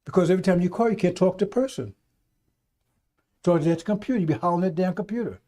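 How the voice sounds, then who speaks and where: High-pitched, dark-toned man ranting on radio. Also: rapid-fire, pauses often. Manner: folksy, rambling, scolding, with mocking put-on quotes. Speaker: radio preacher. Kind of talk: unscripted radio talk.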